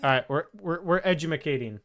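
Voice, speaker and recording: A man's voice: a little high, fast, a bit bright, faint music behind. A man chatting casually on a live stream, loose and jokey, talking to his chat. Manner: loose, fillers and restarts, jokey, talks to chat.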